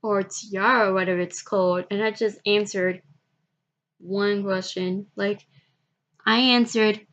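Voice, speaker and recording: A woman vlogging, telling a personal story in a halting, repetitive way and often restarting her sentences. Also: mid-range voice, fairly even intonation, fairly bright tone.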